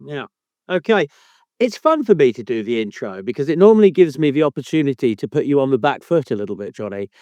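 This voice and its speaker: A man's voice: mid-range voice, big pitch swings, fast talker, darkish tone, no echo. A man hosting a podcast in casual chat, teasing his co-host with mock indignation and free swearing.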